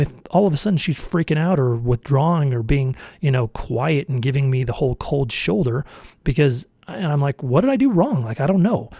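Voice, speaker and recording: A man's voice: on the high side, mellow, no echo. A man vlogging a casual motivational monologue, earnest and rambling, often correcting himself mid-sentence.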